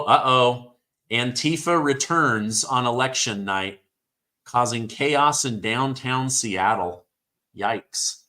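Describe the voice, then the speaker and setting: A man hosting a live stream, reading headlines aloud and reacting with excitement, his throat sore from hours of talking. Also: medium pitch. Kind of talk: live election-night commentary.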